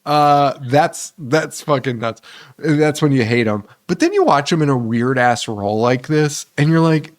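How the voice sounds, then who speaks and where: A man's voice: on the high side, normal speed. Laughing, profane man on a podcast. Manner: profane, laughing, acts out movie lines in put-on voices. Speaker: podcast co-host. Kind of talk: casual movie podcast chat.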